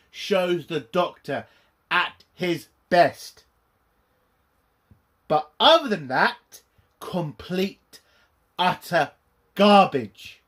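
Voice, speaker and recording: A man's voice: fairly high pitch, a bit bright. A man reviewing a TV episode in a furious, profanity-heavy rant. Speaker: YouTube reviewer. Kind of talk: angry ranting review.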